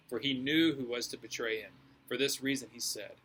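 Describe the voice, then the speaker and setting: A man's voice: medium pitch, fairly even intonation, a little fast, a bit bright, slightly rough, rough recording. A male pastor preaching a sermon in a casual, slangy and emphatic way.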